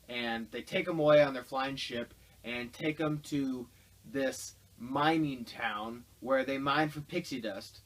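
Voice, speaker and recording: A man's voice: medium pitch, a bit bright, low-quality recording. A man giving a casual, ranting film review, exasperated and sarcastic as he rambles through his complaints.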